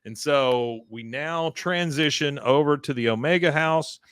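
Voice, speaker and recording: A man's voice: a little high, measured pace, a bit bright, clear, resonant tone, dry recording. A man hosting a podcast, casually retelling a cartoon episode scene by scene, with many filler sounds. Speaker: podcast host.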